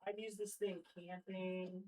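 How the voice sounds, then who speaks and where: A woman's voice: lowish voice, flat delivery, a little slow, warm tone, a little hiss or hum. A young adult woman streaming live, chatting casually and rambling with lots of fillers as she talks to her chat while setting up her gear at home.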